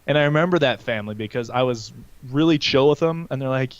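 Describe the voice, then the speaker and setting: Animated man telling a story, lo-fi mic. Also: medium pitch, fast talker, hardly any pauses, no room sound. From California. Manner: animated storyteller, slips into put-on accents. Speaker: podcast co-host. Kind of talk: casual chat.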